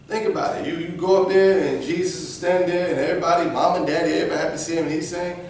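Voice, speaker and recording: A man with a slightly high voice leads a lively Bible lesson for kids, quizzing the class and acting out little scenes. He is heard from a camera well back in a very echoey church room, with faint noise behind. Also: rapid-fire, few pauses, distant mic. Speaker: church youth teacher.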